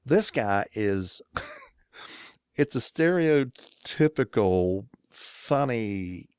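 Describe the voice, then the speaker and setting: A man's voice: medium pitch, big pitch swings, very slow, clean tone, no room sound, clean studio sound. A man co-hosting a casual chat podcast, telling a rambling story and laughing often. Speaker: podcast co-host.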